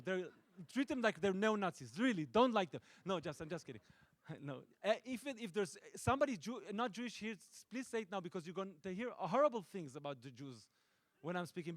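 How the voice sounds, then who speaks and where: A middle-aged Israeli man, a native Hebrew speaker and film director, answering audience questions with playful, deadpan jokes and frequent restarts. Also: on the high side, a little fast, no echo. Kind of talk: joking audience Q&A. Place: stage at a film festival event.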